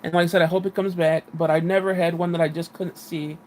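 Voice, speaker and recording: A woman's voice: lowish voice, flat delivery, fast, darkish tone, a little hiss or hum. A woman livestreaming in casual chat, frustrated and venting, swearing now and then. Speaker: livestream host.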